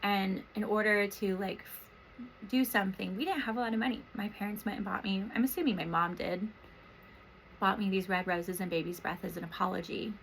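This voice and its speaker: A woman in her thirties, a therapist and podcast host from Washington State, speaking softly and emotionally in a rambling, reflective personal monologue. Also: mid-range voice, fairly even intonation, a little fast, vocal fry, slight background noise, rough recording. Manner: soft, emotional, rambling with many fillers.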